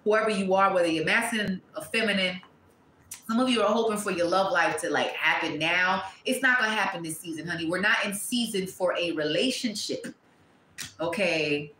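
A woman reading tarot to camera, blunt and profane, breaking into loud exclamations and dropping to quieter asides. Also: on the low side, moderate pace, roomy sound, a little hiss or hum, rough recording. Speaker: tarot reader.

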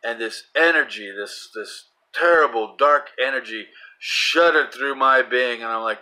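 A middle-aged man giving a fervent religious monologue, repeating himself and swinging from soft prayer to loud, urgent testimony. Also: mid-range voice, moderate pace, hardly any pauses, rough recording. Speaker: Christian vlogger.

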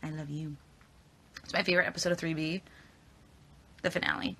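A woman's voice: deep voice, steady tone, fairly quick, bright, forceful tone, slight background noise. A young woman answering fan questions in a casual, chatty way, giggling and rambling with fillers, recorded on a phone at arm's length. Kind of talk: casual live Q&A chat.

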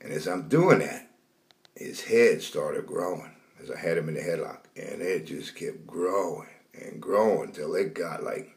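A man tells a dream as a rambling testimony, repeating words and raising his voice for retold shouts. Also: deep voice, measured pace, vocal fry. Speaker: preacher telling a dream. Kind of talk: storytelling testimony.

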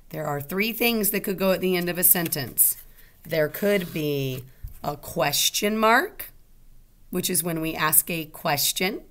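A woman's voice: on the low side, a bit bright. A woman teaching kindergarten, speaking patiently and stretching out example sentences word by word for the children to copy. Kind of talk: slow children's lesson.

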